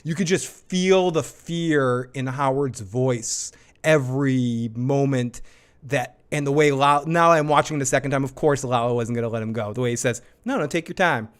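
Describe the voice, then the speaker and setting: Man, mid-pitched, hosting a live episode breakdown; excited, rambling, restarts a lot, swears casually. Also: normal speed, clean tone. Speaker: show host. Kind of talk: live episode review chat.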